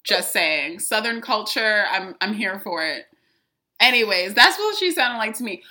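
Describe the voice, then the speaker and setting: A woman's voice: mid-range voice, measured pace. A young woman co-hosting a podcast, telling stories animatedly and acting out what people said. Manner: animated, laughing, acts out quotes. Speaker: podcast co-host. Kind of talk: casual storytelling chat.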